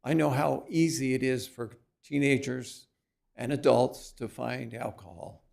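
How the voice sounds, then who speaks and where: Gravelly older resident, slow and deliberate, speaking bluntly against a council decision. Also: male voice, medium pitch, darkish tone. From Virginia. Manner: blunt, indignant. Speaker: resident speaking at public comment. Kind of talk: public comment at a council meeting.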